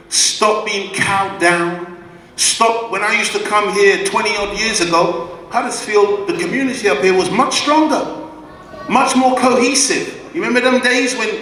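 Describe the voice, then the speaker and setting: A man's voice: high-pitched, bright, forceful tone. A man giving an emphatic, preacher-like public address to a live audience, who answer him back. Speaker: guest speaker at a community event. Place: community hall. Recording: echoey hall, voice from far off.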